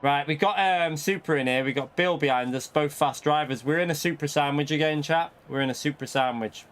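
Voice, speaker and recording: A man's voice: a little high, a little fast, fairly bright tone. Man ranting over racing game. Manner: indignant, ranting at chat with frequent laughs. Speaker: streamer. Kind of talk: live racing game commentary. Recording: noisy with car engine sounds.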